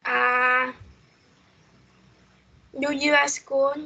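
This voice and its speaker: A woman's voice: sits high, little pitch movement, very slow, vocal fry, bright, forceful tone, highs cut off. A female student in an online English lesson, answering hesitantly and repeating words after her teacher over a video call.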